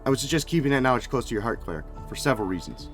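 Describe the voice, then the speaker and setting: A man's voice: medium pitch, animated, racing, over music, pitched above the performer's own voice, close to an everyday voice. A man voicing a smug wealthy lord. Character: pompous wealthy middle-aged lord, smug father.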